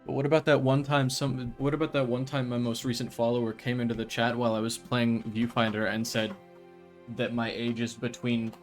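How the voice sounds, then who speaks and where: A man's voice: medium pitch, fairly quick, soft background music. Rambling, joking male game streamer. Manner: rambling, joking, with sudden loud excited bursts; self-deprecating, stumbles over words. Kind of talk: casual game-stream commentary.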